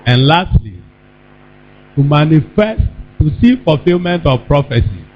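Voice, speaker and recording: Preacher guy, high voice that swings all over, slow and drawn out, bursts of shouting, call and response. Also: big pitch swings. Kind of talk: sermon. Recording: dull lo-fi with mains hum.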